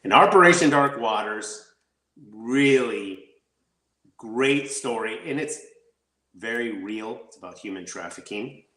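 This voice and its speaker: Rambling, excitable actor in an echoey room. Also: male voice, medium pitch, unhurried. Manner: excitable, rambling, laughs easily. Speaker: actor guest. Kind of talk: casual interview chat.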